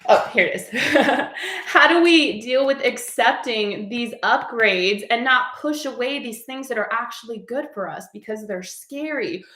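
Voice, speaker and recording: A woman's voice: fairly high pitch, lively intonation, a little slow, hardly any pauses, pushed and bright. A woman giving a heartfelt spiritual message in a casual, earnest way, peppered with "like". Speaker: spiritual coach. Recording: echoey room.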